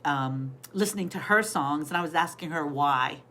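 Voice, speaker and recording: A woman's voice: low voice, moderate pace, bright, forceful tone. A middle-aged woman hosting a casual live stream, chatting and telling stories while greeting viewers by name.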